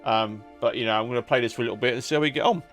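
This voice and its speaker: A man's voice: medium pitch, very fast, fairly bright tone, faint music behind. A man with a cold giving casual, rambling commentary while playing a video game. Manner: rambling, chatty, self-restarting. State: has a cold. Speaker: gaming YouTuber. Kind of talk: casual let's-play commentary.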